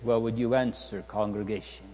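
A man's voice: fairly low pitch, fairly even intonation, moderate pace, dark tone, long reverb tail. A man preaching a solemn sermon in a church, asking the congregation repeated rhetorical questions.

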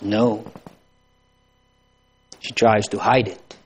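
A man preaching a sermon to a congregation, slow and solemn, building to emphatic pleading phrases. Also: on the low side, flat delivery, husky.

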